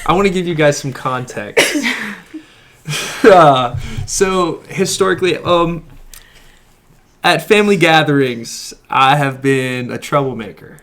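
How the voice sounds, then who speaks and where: A young man, a podcast guest, telling a personal story in casual chat, animated and often laughing. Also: a little high, a little slow, long pauses.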